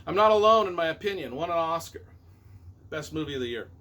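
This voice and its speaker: A man's voice: a little high, lively intonation, fast, sharp tone. A middle-aged man, a novelist and movie reviewer, rambling enthusiastically and correcting himself as he counts down his favorite films on camera.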